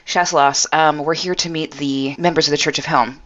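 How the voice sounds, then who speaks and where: A woman's voice: low-pitched, steady tone, brisk, a bit bright, lo-fi sound. A woman playing a tabletop game, speaking in a hesitant, polite way as her character. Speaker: player. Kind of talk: casual tabletop play.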